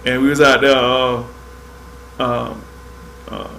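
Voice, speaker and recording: A man's voice: mid-range voice, little pitch movement, takes it slowly, creaky, pushed and bright, slight background noise. A man from Georgia, hosting a fishing livestream in laid-back casual chat, tacking "man" onto most lines. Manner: laid-back, drawling, says "man" constantly. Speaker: fishing show host.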